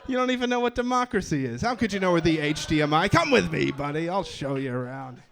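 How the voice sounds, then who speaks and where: A man's voice: on the high side, expressive, quick pace, vocal fry. A man voicing a male store employee who is patronizing and overly helpful toward a customer. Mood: condescending.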